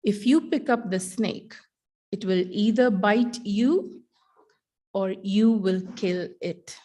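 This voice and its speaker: A middle-aged woman, a teacher, giving a keynote talk in an animated storytelling manner. Her voice sits at an ordinary middle pitch. She delivers her points with wry humor and well-placed dramatic pauses.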